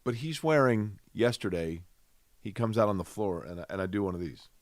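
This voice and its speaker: A man's voice: lowish voice, expressive, a little fast, no echo. A man co-hosting a sports talk show, grumbling playfully and firing off rhetorical questions. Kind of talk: casual sports chat.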